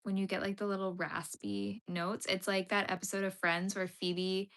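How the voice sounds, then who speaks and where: A woman's voice: medium pitch, little pitch movement, moderate pace, vocal fry, fairly bright tone. A young woman hosting a casual crochet livestream, chatting with viewers, giggly and full of "like" fillers. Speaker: livestream host.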